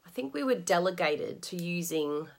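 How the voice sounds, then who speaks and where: Her voice is lowish, gravelly, and a little mellow, animated and at a normal speed. An Australian woman with an Australian accent, she demonstrates stamping and crafting on a live stream, chatting bubbly and casually with viewers and laughing often.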